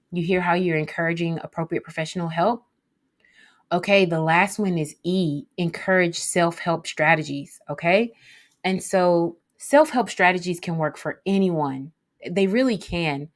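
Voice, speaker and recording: A woman giving an instructional talk on mental health support, often pausing to check in with listeners. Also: lowish voice. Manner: checks in often with "okay?", acts out example phrases.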